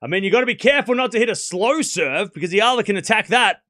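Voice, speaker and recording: A man with a high, ringing voice hosts a live tennis watchalong. His pitch jumps around a lot as he calls each point in a chatty play-by-play, thanks donors and breaks into laughter. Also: fast. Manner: chatty play-by-play, reads out donations; laughs often, excitable. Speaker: tennis stream host.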